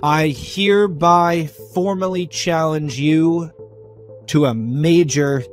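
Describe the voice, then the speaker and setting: A man's voice: fairly high pitch, takes it slowly, faint music behind, pitched above the performer's own voice. A man voicing a haughty, scheming banshee queen who makes grand, mocking formal declarations. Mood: imperious.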